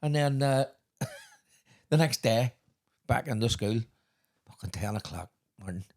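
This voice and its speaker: A man with a Northern Irish accent telling swearing, animated stories in a casual podcast chat. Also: medium pitch, measured pace. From Northern Ireland. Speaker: podcast host.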